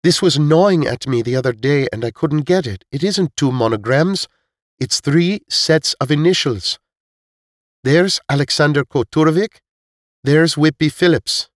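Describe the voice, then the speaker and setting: A man voicing a sharp young woman. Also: fairly high pitch, measured pace, dry recording, studio quality, voice pushed up, close to an everyday voice. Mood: insistent.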